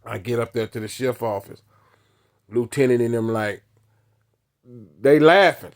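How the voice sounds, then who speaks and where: A man in a medium-pitched voice tells a story in casual talk. His phrasing is blunt and punchy, and he repeats lines for emphasis. He acts out the dialogue as he goes. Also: a little slow. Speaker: storyteller recounting his past.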